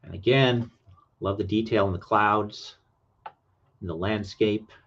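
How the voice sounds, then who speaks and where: A man's voice: fairly low pitch, fairly even intonation, measured pace, a bit bright, highs cut off. A man hosting a casual late-night livestream, talking in a rambling, hesitant way with many fillers. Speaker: livestream host.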